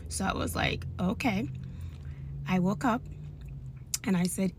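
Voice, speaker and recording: A young woman telling a personal testimony in an animated, emphatic way, repeating lines for weight. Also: medium pitch, a little slow, pauses often, a little hiss or hum. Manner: animated, emphatic storytelling with repetition. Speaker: storyteller sharing a testimony. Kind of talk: casual personal testimony video.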